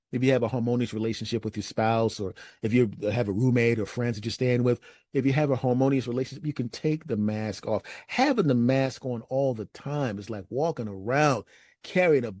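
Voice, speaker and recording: Give me an animated man telling a funny personal story, recorded dry. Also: no room sound. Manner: animated, acts out friends' lines in raised pitch.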